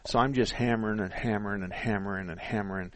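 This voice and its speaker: A man's voice: fairly low pitch, steady tone, fast talker, fairly bright tone, dry recording. A man in his sixties hosting a call-in radio show, telling stories in casual chat, laughing often and acting out the people he quotes.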